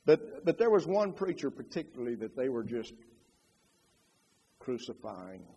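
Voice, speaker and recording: A man preaching a sermon in an animated way, acting out quotes with changing loudness. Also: medium pitch, unhurried, breathy edge, big-room sound, highs cut off.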